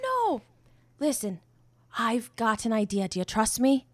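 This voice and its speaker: A woman's voice: a little high, sing-song, unhurried, no room sound. A woman playing a tabletop role-playing game, playful and laid-back as she describes her character's moves. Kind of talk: casual tabletop role-play.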